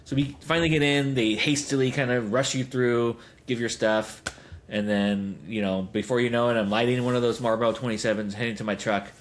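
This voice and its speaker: A man's voice: mid-range voice, steady tone, fairly quick, a little hiss or hum. A man in his thirties hosting a podcast, telling rambling stories full of fillers and chuckles. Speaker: podcast host. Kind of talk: casual podcast chat.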